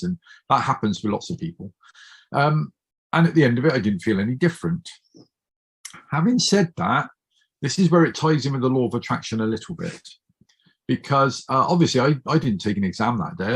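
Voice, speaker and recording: A man's voice: mid-range voice, husky. A middle-aged man with a Bristol accent, chatting openly as a guest and telling personal stories in an anecdotal way. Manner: chatty, anecdotal, open and warm-hearted. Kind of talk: casual storytelling chat.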